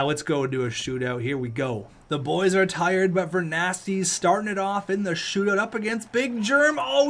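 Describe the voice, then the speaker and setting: A man's voice: high voice, a bit bright. Upbeat young man commentating a game. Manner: upbeat, joking, talks to viewers. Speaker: gaming channel host. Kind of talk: casual video game commentary.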